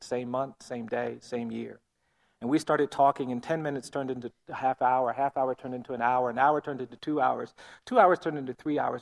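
Gravelly earnest man telling a story. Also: mid-range voice. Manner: earnest, measured, often quiet. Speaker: speaker telling a personal story. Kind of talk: storytelling talk.

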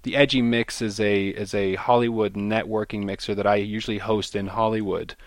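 A man's voice: on the low side, fairly even intonation, moderate pace, dry recording. A man speaking as a festival organizer in a radio interview, enthusiastic and often repeating words as he searches for them. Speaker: film festival organizer, guest.

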